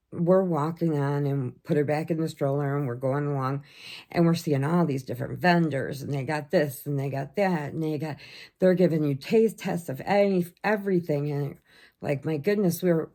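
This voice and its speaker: Middle-aged American woman, low-pitched, chatty storyteller with frequent laughs. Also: moderate pace, dark tone. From United States. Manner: chatty storyteller, laughs often, acts out quotes. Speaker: vlogger. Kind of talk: casual chat.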